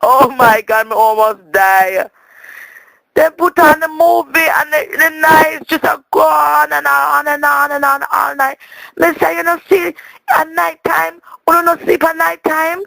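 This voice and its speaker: A man's voice: very high voice, steady tone, a little slow, vocal fry, pushed and bright, no echo, heavily acted, poor audio. A man voicing a chatty, indignant Jamaican woman leaving a voicemail, rambling and stammering as she complains. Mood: exasperated. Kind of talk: comic monologue as a voicemail.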